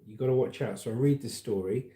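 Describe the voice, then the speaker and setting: A man's voice: mid-range voice, quick pace, mellow, reverberant. A man with a southern English accent hosting a casual livestream, reading viewer comments aloud and chatting back with a friendly, laid-back manner. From England. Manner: chatty, calls viewers mate, laughs at comments. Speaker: livestream news host.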